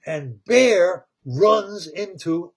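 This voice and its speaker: A man retelling a story with excitement, repeating words, laughing and tripping over tongue twisters. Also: high-pitched, extremely slow, creaky, husky.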